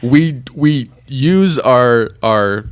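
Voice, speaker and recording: A man's voice: medium pitch, animated, very slow, smooth. A man co-hosting a podcast in casual chat, laughing often and acting out quotes as he retells a story. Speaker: podcast co-host.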